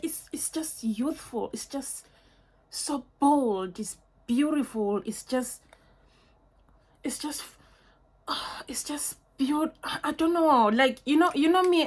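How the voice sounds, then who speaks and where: A woman's voice: sits high, lively intonation, measured pace. A young woman in a casual perfume unboxing review at home, gushing and effusive, full of fillers and repeats. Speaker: beauty vlogger.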